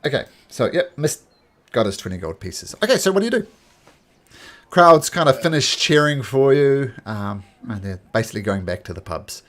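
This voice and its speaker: A man running a tabletop game as game master, with a lively voice that rises and falls a lot. He rambles and stops to search for words. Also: medium pitch, moderate pace. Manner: rambling, many fillers, lively.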